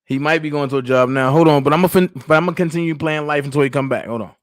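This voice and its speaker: A man hosting a casual livestream, calling out loudly to his viewers in slangy, hyped talk. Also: on the high side, quick pace. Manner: loud, hyped, slangy call-outs to viewers. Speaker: livestream host.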